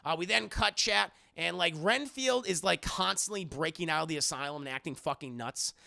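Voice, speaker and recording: A man's voice: on the high side, moderate pace, creaky. Rambling, profane man recapping a film. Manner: rambling, profane, animated, many fillers and restarts. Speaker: streamer reviewing a film. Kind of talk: casual spoken film recap.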